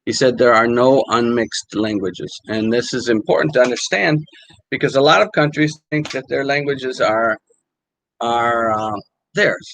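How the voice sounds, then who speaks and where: An older man, a language teacher, talking casually and haltingly with many fillers while reading quotes aloud. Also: medium pitch, gravelly, fairly bright tone, slight background noise, low-quality recording.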